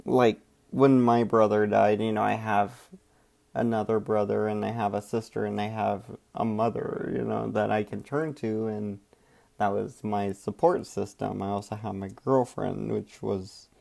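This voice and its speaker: Casting: low-voiced man with gravelly fry, frank reflective commentary host. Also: flat delivery, measured pace, darkish tone. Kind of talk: casual commentary.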